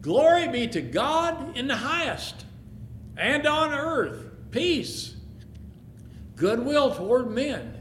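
A man's voice: very high-pitched, sing-song, slow pace, a bit bright, slight background noise, pitched above the performer's own voice, full character voice. A man playing a solemn proclaiming angel. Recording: echoey room.

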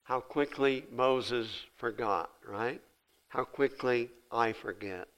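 A man's voice: medium pitch, fairly bright tone, clean tone, rough recording. An older man giving a folksy sermon as pastor, retelling scripture with dramatic voiced dialogue.

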